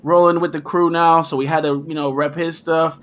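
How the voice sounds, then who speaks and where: A man hosting a casual comics livestream, talking in an animated, slangy, hyped way. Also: fairly high pitch, brisk, crowd noise. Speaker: host.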